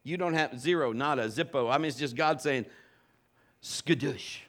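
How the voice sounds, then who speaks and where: A middle-aged man preaching a sermon in a church, telling stories and acting out the quotes in lively voices. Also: mid-range voice, brisk. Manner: animated storytelling with acted-out quotes. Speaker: pastor.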